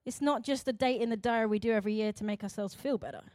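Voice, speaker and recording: Young woman pastor, high voice, dry close sound, emphatic sermon delivery with sudden loud and hushed turns. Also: rapid-fire, dry recording. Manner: emphatic, swings between loud urgent preaching and quiet intensity.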